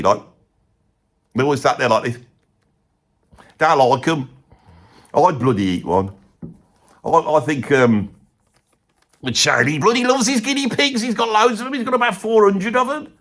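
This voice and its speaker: Voicing an older, blokey heavy metal fan for a comedy monologue, this man uses a Birmingham accent and a slightly high, fairly bright voice. The comic pundit rambles, keeps losing the thread and says bloody a lot.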